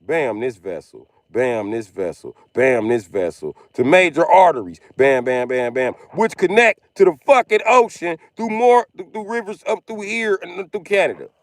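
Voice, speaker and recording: A man's voice: fairly high pitch, lively intonation, moderate pace, few pauses, dry recording. Profane ranting male streamer, dry close mic. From Missouri. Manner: profane, emphatic, repeats himself. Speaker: livestreamer. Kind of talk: ranting commentary over a video.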